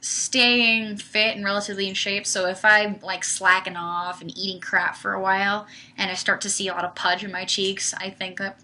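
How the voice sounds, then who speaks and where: A woman's voice: medium pitch, level tone, normal speed, few pauses, pushed and bright. A young woman hosting a casual livestream, answering viewer questions in a chatty way full of "like" and "um". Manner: chatty, uses filler "like" often. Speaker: livestream host.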